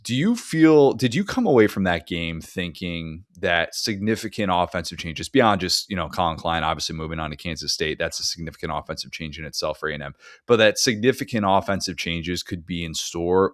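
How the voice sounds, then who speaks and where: Deep voiced podcast host guy, dry close mic, talks slow on purpose. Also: expressive, a bit bright, dry recording. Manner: measured, deliberate pace. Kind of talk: casual podcast chat.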